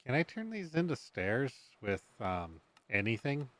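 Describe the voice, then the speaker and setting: Man, streamer, unhurried, self-talk commentary, dry sound, medium pitch. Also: very animated, fairly bright tone, no room sound. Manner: mutters and hums to himself while building. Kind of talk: casual gameplay commentary.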